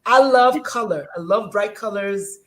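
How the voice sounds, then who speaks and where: A woman's voice: medium pitch, measured pace, fairly bright tone. Bubbly, rambling woman podcast host. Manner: bubbly and effusive, rambling with restarts. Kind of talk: casual live-stream chat.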